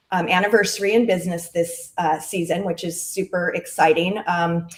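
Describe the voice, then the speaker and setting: A middle-aged woman, a direct-sales clothing stylist, chatting casually in an interview with lots of fillers. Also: on the low side. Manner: chatty and friendly, with frequent fillers. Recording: roomy echo.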